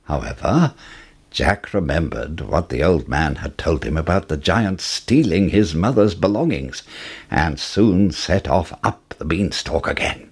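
A man reading a fairy tale aloud as a storyteller, with expressive rises and falls. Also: unhurried, husky. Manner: expressive, with wide swings in pitch.

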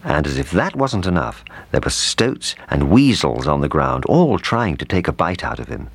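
A man reading a children's storybook aloud, in an animated, expressive way. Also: deep voice, moderate pace, creaky, husky, no echo. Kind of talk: storybook narration.

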